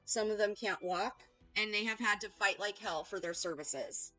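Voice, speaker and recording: A woman's voice: mid-range voice, normal speed, bright, forceful tone, faint music behind, low-quality recording. A woman hosting a heated reaction stream, talking back in a combative, sarcastic and profane way.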